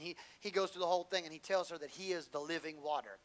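A man preaching a sermon in a folksy, colloquial way, swinging from loud build-ups to low asides as he tells the story. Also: quick pace, rough recording.

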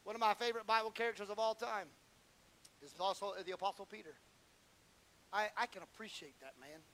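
A man preaching a sermon, swinging from shouted fervor to low, intimate asides and stumbling over repeated words when worked up. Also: a little fast, slight background noise, low-quality recording.

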